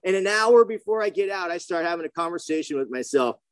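A man sharing his recovery story in a casual, slangy way, bouncing between narration and acted-out dialogue. His voice sits fairly high, and the sound is dry and close with no room echo. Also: fast, smooth. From grew up near the ocean. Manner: animated storytelling, slangy, acts out quoted dialogue. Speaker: recovery meeting speaker.

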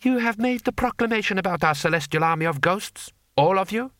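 A man voicing an imperious, cold-tempered male warlord who sneers and snarls in a high, tight voice. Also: animated, brisk, a bit bright, no echo, clean studio sound. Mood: shrill, sneering.

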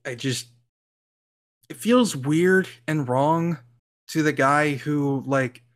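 A man's voice: a little high, slow. Rambling man chatting on a podcast. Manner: rambling, lots of likes and ums, laughs often. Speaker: podcast co-host. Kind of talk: casual chat.

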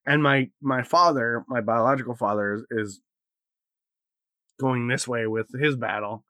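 A middle-aged man talking casually as a podcast co-host, blunt and profane, moving between loud outbursts and quiet reflection. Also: mid-range voice, fairly even intonation, unhurried, dry recording. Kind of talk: casual chat.

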